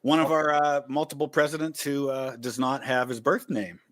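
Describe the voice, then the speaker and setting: A man's voice: medium pitch, level tone, moderate pace. Man, from Ohio, casual chat, thoughtful, explanatory. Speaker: guest on a quiz.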